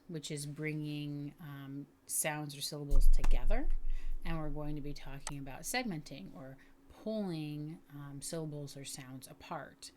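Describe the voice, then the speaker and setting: A woman teaching a lesson for educators and parents, explaining patiently and sounding out words slowly. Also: low voice, a little hiss or hum. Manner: patient, explanatory, checks in with "okay?". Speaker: literacy teacher. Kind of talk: instructional video lesson.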